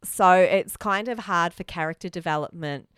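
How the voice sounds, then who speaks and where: Woman, podcast co-host, casual chat, smooth tone, dry sound. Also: lowish voice, normal speed, fairly bright tone, dry recording. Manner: chatty, laughs often, restarts mid-word.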